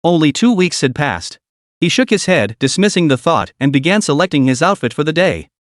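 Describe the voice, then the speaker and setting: Man, higher voice, scripted story narration, same even voice for every character, dry close recording. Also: brisk, no room sound. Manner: reads all characters' lines in one even narrating voice.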